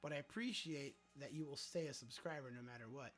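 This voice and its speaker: A man's voice: mid-range voice, brisk, fairly bright tone, faint music behind. A man hosting a casual livestream, joking around and answering viewer chat aloud, with some swearing. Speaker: livestream host.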